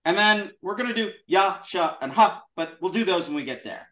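A man with a high, animated voice leads a class, sounding out syllables for students to repeat. The room rings with a roomy echo. His delivery is demonstrative and lively. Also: moderate pace, distant mic. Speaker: Sanskrit teacher. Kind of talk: classroom lesson with call-and-response.

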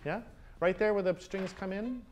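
In a concert hall with instruments playing, a high-pitched man teaches a master class, coaching players and singing rhythms and phrases aloud. He often checks in with a quick "yeah?", and the recording carries a little hiss or hum.

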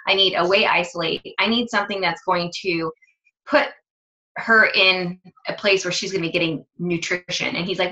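A woman's voice: on the low side, fairly even intonation, moderate pace, pushed and bright. A woman fitness coach telling a story in a chatty, rambling way, often correcting herself mid-sentence. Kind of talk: casual storytelling monologue. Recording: dull lo-fi sound.

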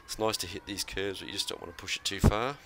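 Man, very low voice, calm sim racing commentary, heavy game noise behind. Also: fast, creaky. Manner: calm, focused, talks in short bursts between corners. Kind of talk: live racing commentary while driving. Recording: noisy game audio behind.

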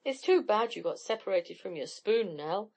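A woman's voice: medium pitch, lively intonation, normal speed, a little mellow. A woman voicing a blunt, loyal teenage boy who speaks firmly. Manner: forthright, firm.

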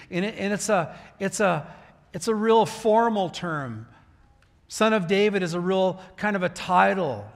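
Pastor, male, higher voice, casual preaching style with restarts, recorded in a long-reverb church hall. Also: animated, a little slow, creaky, pauses often. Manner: conversational preaching with restarts, acting out prayers. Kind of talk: sermon. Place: church sanctuary.

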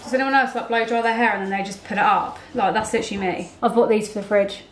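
A woman's voice: medium pitch, steady tone, fast. A pregnant woman talking casually to the camera as a vlogger at home, chatty and candid. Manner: chatty and candid, talks to a toddler in between. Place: home, in a kitchen. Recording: echoey room with clear background noise.

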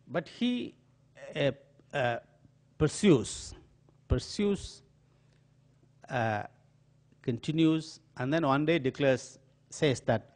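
Older Indian-accented diplomat lecturing an audience, animated storyteller with a lively pitch. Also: male voice. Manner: storytelling with acted quotes and pauses, some filler hesitations. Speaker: diplomat giving a talk. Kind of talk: anecdotal lecture. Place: auditorium.

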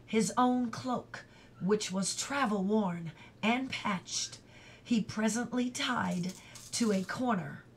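Storybook reader, woman, very slow and careful pace, whispers the hushed scenes. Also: medium pitch, slightly rough. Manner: slow, careful, drops to a whisper for quiet moments. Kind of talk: storybook read-aloud.

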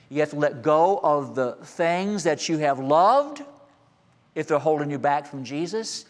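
A man in his sixties, a senior pastor, preaching a sermon and telling a childhood story, moving between quiet asides and raised, emphatic calls. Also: on the high side, lively intonation, unhurried. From American. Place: church sanctuary. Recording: long hall reverb.

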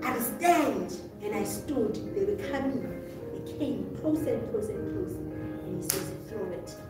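A woman's voice: on the high side, animated, moderate pace. A woman telling a vivid spiritual story, acting out voices and laughing often, recorded from a distance with music behind her. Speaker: guest testifying. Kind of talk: animated testimony. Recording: echoey room from far off, music behind.

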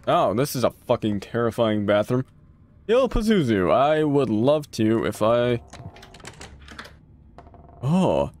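A man comments on a horror game in a slow, drawn-out way, his pitch leaping up and down as the scares come. He is jumpy and loud-mouthed, swearing at the figures and talking back to the screen. It sounds like a streamer at his desk mic. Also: expressive, faint music behind. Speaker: gaming streamer.

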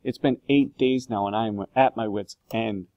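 A man's voice: fairly low pitch, normal speed, dry recording, narrow, tinny audio, lightly acted. A man reading aloud, voicing a worried, loyal middle-aged butler in a storybook. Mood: urgent. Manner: urgent, pleading, raised voice.

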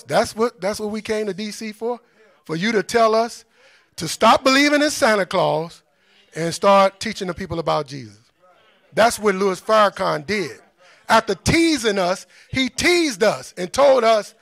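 A man's voice: sits high, very animated, normal speed, creaky, a bit bright, dry recording. A man giving an impassioned talk to an audience, blunt and scornful, firing off rhetorical questions in a preacherly cadence. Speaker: speaker on liberation.

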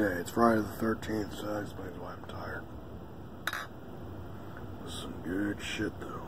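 Male vlogger, unhurried, drowsy, offhand delivery with frequent swearing. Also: on the low side, noisy background. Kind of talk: casual chat.

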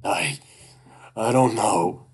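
A man's voice: low voice, measured pace, a bit bright, husky, heavily acted. A man voicing a panicked horned creature guy. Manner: panicked, cursing outbursts. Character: frightened horned young male creature.

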